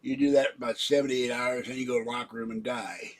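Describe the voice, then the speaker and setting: A man's voice: mid-range voice, steady tone, fast talker. Rambling older man livestreaming from home. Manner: wandering, self-mocking, chatting to his cats. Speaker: livestream host. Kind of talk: rambling casual livestream chat. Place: home room with his computer.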